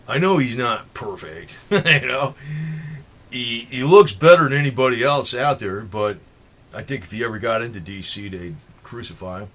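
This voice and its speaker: A man's voice: mid-range voice, a bit bright. A man with a New Jersey accent rambling in a monologue to his viewers, swearing freely and chuckling between points. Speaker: political vlogger.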